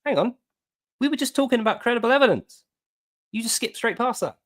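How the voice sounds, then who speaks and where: A man's voice: very high-pitched, expressive, fairly quick, a bit bright. A man giving sarcastic reaction commentary, mocking what he reads aloud. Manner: mocking, reads quotes aloud in put-on voices. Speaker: online commentator.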